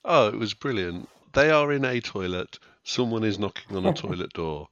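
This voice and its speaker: A man co-hosting a podcast chimes in with short, agreeable remarks that often trail off. His voice is low. The recording is dull and lo-fi, and dry, with no room echo. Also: lively intonation, normal speed, a bit bright. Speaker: podcast co-host. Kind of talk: casual chat about a TV show.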